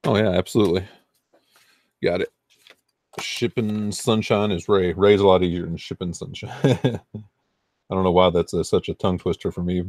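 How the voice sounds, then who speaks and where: A man's voice: low-pitched, steady tone, moderate pace, pauses often, darkish tone, no echo. A man with a Southern US accent hosting a casual livestream, rambling and answering chat comments. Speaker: eBay reseller hosting a livestream.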